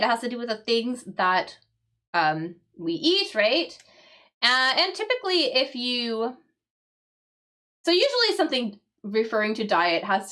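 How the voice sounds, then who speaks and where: Slow-talking woman teaching English vocabulary. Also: mid-range voice, fairly bright tone. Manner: explains slowly with frequent "right?" checks and fillers. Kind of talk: live-stream crossword vocabulary lesson.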